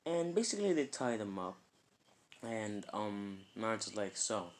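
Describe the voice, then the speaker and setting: A man's voice: fairly low pitch, sing-song, moderate pace. Man rambling through a fan story. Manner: rambling, full of "kinda" and "like". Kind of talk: casual fan-fiction storytelling.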